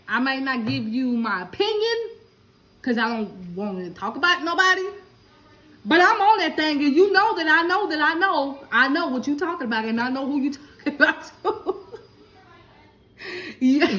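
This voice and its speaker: A woman's voice: high-pitched, normal speed, poor audio. A middle-aged woman from Lubbock, Texas, chatting and laughing with her viewers in a casual live stream. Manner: chatty, animated, laughing, talks straight to viewers.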